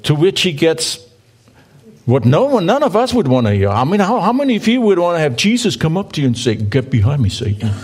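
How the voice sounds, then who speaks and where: A man's voice: sits high, sing-song, brisk. Man preaching a casual, playful sermon. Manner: reads scripture aloud and asks the congregation to join in; conversational, playful asides to the audience. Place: church.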